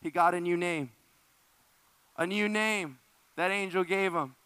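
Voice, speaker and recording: A man preaching a sermon, emphatic and repeating phrases for effect, often dropping low and soft. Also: unhurried, clear, resonant tone, no room sound. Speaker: pastor.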